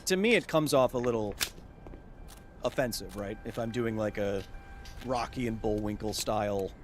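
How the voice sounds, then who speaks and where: A man's voice: fairly low pitch, moderate pace, a little hiss or hum. A man streaming a video game live, yelping in surprise at enemies and explaining science at length to his chat. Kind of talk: live gameplay commentary. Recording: loud game gunfire behind voice. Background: game gunfire and ambience.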